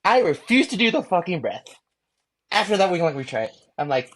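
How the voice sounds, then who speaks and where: A man appears as a guest on an interview show, telling his story candidly and with plenty of profanity. His voice is high and fast, and he acts out his own thoughts in lively bursts.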